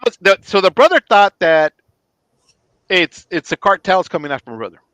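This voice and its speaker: A man's voice: high-pitched, moderate pace, clean tone, no room sound. A middle-aged man, a retired police chief, telling a story in a casual podcast chat and acting out the dialogue. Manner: animated, acts out quoted dialogue.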